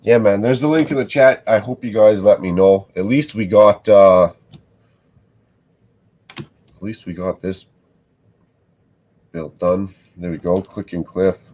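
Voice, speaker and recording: Man, deep low voice, husky, casual live-stream chatter, rambling, swearing, home setup. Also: a little slow, pauses often, mellow. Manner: rambling, swearing, talking to himself. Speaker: live streamer building sets.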